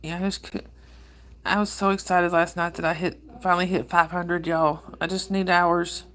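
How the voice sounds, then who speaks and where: A woman, hoarse from a cold, chatting casually with viewers on her livestream and greeting them by name. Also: lowish voice, little pitch movement, normal speed, a bit bright. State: hoarse with a cold and sore throat. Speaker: livestream host. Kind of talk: casual live chat with viewers.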